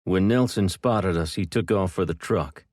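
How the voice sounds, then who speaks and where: A man voicing a rough, cocky mercenary who talks in blunt, casual lines. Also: low voice, normal speed, darkish tone, no echo, clean studio sound. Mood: plain.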